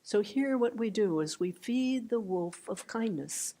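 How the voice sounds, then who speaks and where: An older woman giving a meditation talk, gentle and unhurried, with soft trailing phrases and restarts. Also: mid-range voice, expressive. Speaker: meditation teacher. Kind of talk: dharma talk. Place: meditation hall.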